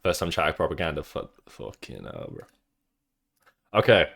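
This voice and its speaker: Low-voiced young man chatting to his stream. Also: wildly swooping pitch, normal speed, creaky, fairly bright tone, breathy edge. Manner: rambling, swears freely, teases chat. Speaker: livestreamer. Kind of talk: casual live-stream chat with viewers.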